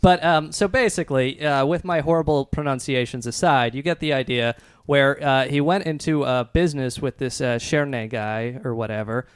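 Halting man with a smooth voice. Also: medium pitch. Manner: halting, many ums and uhs, laughs often. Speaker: podcast co-host. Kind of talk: casual chat.

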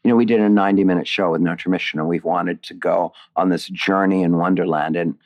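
A man's voice: low-pitched, fairly even intonation, fast talker, highs cut off. A man being interviewed about his writing, talking in a reflective, digressive way with many restarts. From Indiana, USA. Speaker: playwright and author being interviewed. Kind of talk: casual interview conversation.

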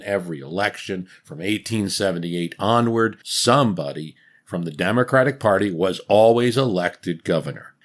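A man narrating a scripted history podcast as its host, dramatic and wry. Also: deep voice. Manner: dramatic storytelling with wry asides.

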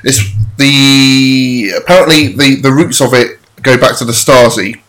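A man's voice: medium pitch, fairly even intonation, measured pace, fairly bright tone. A man co-hosting a podcast, chatting casually with many ums and restarts. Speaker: podcast co-host. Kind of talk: casual chat.

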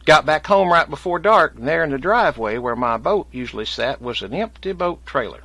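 A man spins a comic yarn in a folksy rural drawl, taking on the voice of each person in the tale. His voice is bright and forceful. The sound is dry and close to the mic. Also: a little high, expressive, a little fast, no echo. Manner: drawling rural dialect, acts out both sides of his stories. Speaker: guest storyteller.

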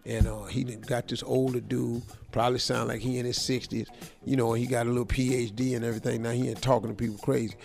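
A man hosting a radio morning show, giving comic advice in a joking, slangy, animated way. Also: mid-range voice, quick pace, vocal fry, faint music behind. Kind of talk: comic advice talk, role-playing a letter writer.

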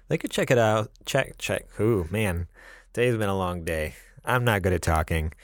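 Young West Coast man, fairly low voice, chatty co-host who laughs a lot, dry close mic. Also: expressive, moderate pace, no room sound. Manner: chatty, laughs often, self-deprecating. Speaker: podcast co-host. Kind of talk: casual podcast storytelling.

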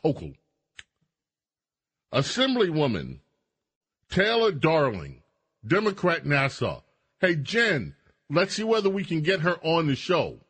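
A man's voice: a little high, wildly swooping pitch, unhurried, a bit bright, husky. A man hosting a radio talk show, delivering commentary with sarcastic, mocking asides.

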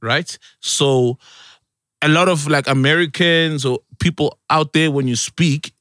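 A man's voice: a little high, measured pace, dry recording, clean studio sound. A South African man hosting a podcast, arguing his points in casual chat and calling his cohosts bro. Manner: animated, pushes his point, calls others bro. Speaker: podcast host.

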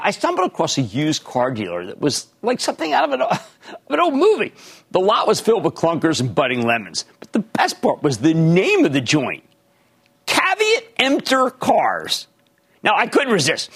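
A man hosting a television stock market show, talking in loud, theatrical bursts and often shouting. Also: fairly high pitch, breathy edge. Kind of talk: fast, theatrical market commentary. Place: TV studio.

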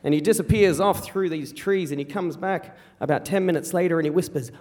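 A young man telling a true story on stage, animated and wry, acting out the people in it. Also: high-pitched, fairly quick, few pauses. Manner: animated, wry, acts out the quoted voices. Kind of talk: first-person storytelling on stage. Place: theater stage. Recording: live stage sound with hall reverb.

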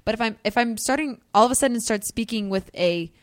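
A woman co-hosting a podcast in casual chat, animated and jokey. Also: fairly high pitch, brisk. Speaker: podcast co-host.

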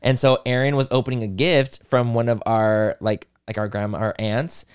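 A man's voice: mid-range voice, level tone, normal speed, clear, resonant tone. A young man co-hosting a podcast, telling stories in casual chat, swearing freely and laughing often. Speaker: podcast co-host.

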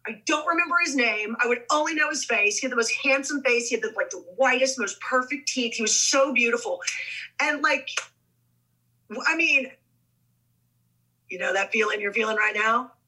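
A middle-aged woman tells stories in a casual interview, her voice high-pitched and bright with a breathy, husky edge. She throws herself into quoted lines, acting out the people in her anecdotes with lively shifts. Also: moderate pace, long pauses, poor audio. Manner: animated, acts out quoted dialogue. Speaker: guest actress. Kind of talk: casual storytelling.

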